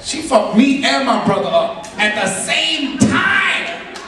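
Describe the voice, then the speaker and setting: Animated man doing stand-up, lively and high. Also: takes it slowly, a crowd in the background. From Latino family. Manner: animated, profane storytelling with acted-out voices. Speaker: stand-up comedian. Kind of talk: stand-up comedy set. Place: comedy stage before a live audience. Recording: echoey live room, mic far off. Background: audience laughter.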